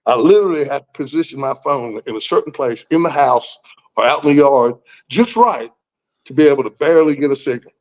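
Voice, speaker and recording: A man's voice: mid-range voice, expressive, fairly quick. Folksy blunt man in his sixties, muffled. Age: 60s. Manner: folksy, blunt, swears freely, restarts often. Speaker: guest. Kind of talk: casual personal storytelling. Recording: muffled lo-fi recording.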